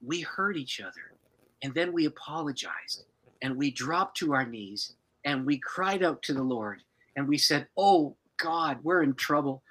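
A male pastor voicing a young churchwoman who pleads urgently in prayer, speaking with slow, emphatic repetition. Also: low-pitched, expressive, husky, exaggerated voice, rough recording. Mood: pleading.

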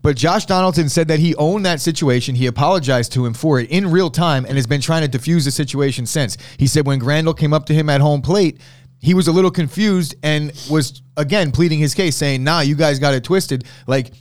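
A man's voice: a little high, brisk, a little mellow. A man hosting a sports talk show, arguing his opinions bluntly in a casual debate and swearing now and then.

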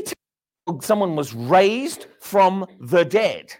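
A man delivers a sermon in a high, sing-song voice, a little slowly. He puts rhetorical questions to the crowd and drops from loud emphasis into hushed words.

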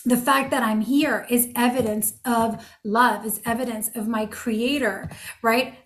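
A woman's voice: fairly high pitch, fairly even intonation, unhurried. A woman in her forties, a relationship coach, giving an earnest, emphatic motivational talk that repeats phrases for effect.

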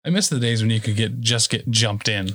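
A man in casual podcast chat, jokey and quick with deadpan asides. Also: on the low side.

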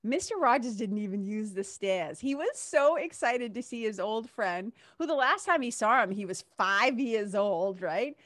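A woman's voice: fairly high pitch, expressive, moderate pace, few pauses, a bit bright, no room sound, clean studio sound. A woman in her fifties hosting a show, telling a story in an emotional, casual way and often asking "right?". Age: 50s. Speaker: host. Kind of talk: casual heartfelt monologue.

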